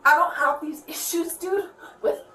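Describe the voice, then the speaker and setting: A woman's voice: high-pitched, a little slow, bright, forceful tone, echoey room, far from the mic, low-quality recording. A woman giving an agitated, rambling statement to police at her home, swearing and quoting others, recorded on a body camera. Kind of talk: heated spoken account.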